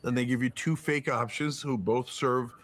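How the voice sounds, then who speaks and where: Male podcast guest, mid-pitched, heated and profane, rapid rhetorical jabs. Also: fairly even intonation, fairly bright tone. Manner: emphatic, profane, rhetorical questions, mocking put-on quotes. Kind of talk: political commentary in conversation.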